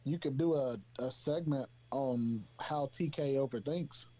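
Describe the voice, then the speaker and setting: A man's voice: medium pitch, a little slow, warm tone. A man joining a casual chat as a guest, trading teasing jokes with the host. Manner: teasing, joking banter.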